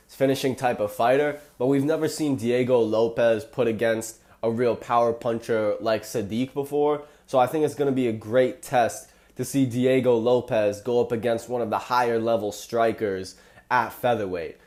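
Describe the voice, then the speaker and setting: A man's voice: medium pitch, steady tone, moderate pace, a little mellow. A young man with a sick, stuffy voice, casually breaking down fight picks as a channel host, loose and joking. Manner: loose and joking, says "y'all".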